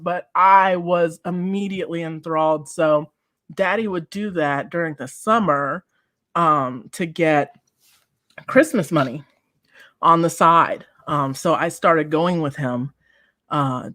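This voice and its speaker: A woman in her forties co-hosting a podcast, telling stories with lively acted-out quotes and frequent laughter. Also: deep voice, slow, dry recording, clean studio sound. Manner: animated storyteller, acts out quotes, laughs often. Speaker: podcast co-host. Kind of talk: casual chat.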